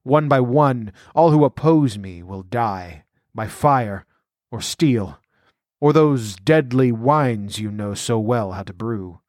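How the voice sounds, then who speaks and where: A man voicing a scheming, ambitious outlaw noble who speaks in a measured, scornful, domineering way. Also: mid-range voice, darkish tone, no echo, studio quality, close to an everyday voice.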